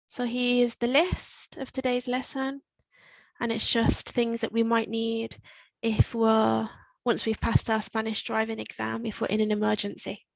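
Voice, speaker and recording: A woman teaching Spanish to learners, repeating phrases slowly and explaining them step by step. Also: on the high side, little pitch movement, creaky, no room sound, rough recording. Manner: slow, careful modelling of Spanish phrases. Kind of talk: recorded language lesson.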